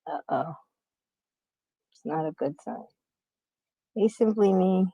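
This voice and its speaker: A woman's voice: lowish voice, animated, takes it slowly, gravelly, mellow, husky, no room sound, highs cut off. A middle-aged woman livestreaming on her phone from a hospital room. She rambles casually and keeps greeting viewers by name. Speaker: YouTube livestream host.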